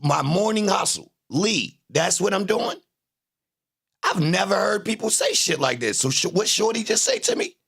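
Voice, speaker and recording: A man hosting a livestream, talking in a casual, animated, boastful way full of profane trash talk. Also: sits high, moderate pace, creaky, slightly rough. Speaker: livestream host.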